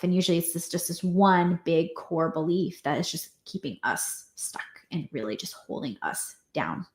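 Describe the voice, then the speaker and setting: Low-voiced woman coach in echoey room. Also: moderate pace, hardly any pauses. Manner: conversational, with many fillers and restarts. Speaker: parenting coach. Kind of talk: casual reflective talk to camera.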